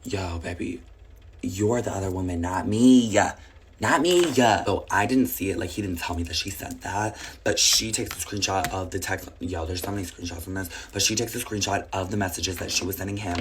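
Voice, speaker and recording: A young woman with a raspy, sick-sounding voice, telling a casual storytime with blunt, swearing asides. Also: extremely low pitch, steady tone, fast, few pauses, a bit bright, a little hiss or hum.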